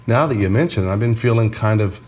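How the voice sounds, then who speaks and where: A middle-aged man with a fairly low voice, teaching as a counselor in a relaxed faith conversation. He talks in a loose, animated way and slips into quick acted-out dialogues. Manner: animated, acts out little dialogues. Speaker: counselor co-host.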